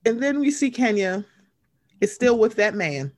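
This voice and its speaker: A woman co-hosting a casual chat about reality TV, animated and acting out quoted lines in put-on voices. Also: unhurried. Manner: animated, acts out quoted voices with big pitch jumps. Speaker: podcast co-host.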